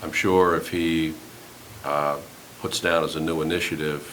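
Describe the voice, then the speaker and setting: A man explaining budget items at a town board meeting in a measured way. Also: rumbling low, little pitch movement, fairly bright tone, slight background noise, low-quality recording.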